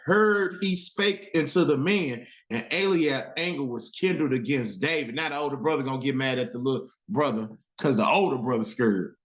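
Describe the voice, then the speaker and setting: A man teaching a Bible class who reads archaic verses aloud and then retells them in street slang. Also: medium pitch. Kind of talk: scripture reading with commentary. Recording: roomy echo.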